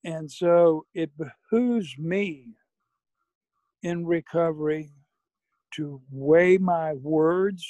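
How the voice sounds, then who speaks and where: High-voiced man, reflective and folksy. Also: very slow, pauses often, warm tone, dry recording, rough recording. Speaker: podcast guest. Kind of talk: reflective recovery conversation.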